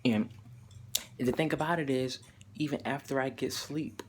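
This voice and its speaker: A young man talks straight into his camera in a confessional vlog. He speaks at a middle pitch, emphatic and heavily profane, and he stumbles over repeated words when he gets worked up. There is faint ambient noise behind him. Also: normal speed. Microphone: camera mic.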